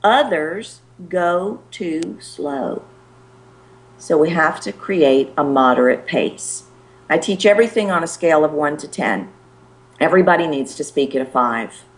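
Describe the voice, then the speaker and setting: A middle-aged woman, a presentation skills coach, giving animated and emphatic advice as a guest on a show. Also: low-pitched, normal speed. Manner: animated, emphatic, demonstrates pace with her voice.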